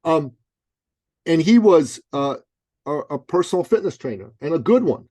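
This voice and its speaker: A middle-aged man, an author and business coach, telling a punchy, animated story as a guest in an interview. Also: on the high side, normal speed, no room sound. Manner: lively, punchy, acts out other people's voices.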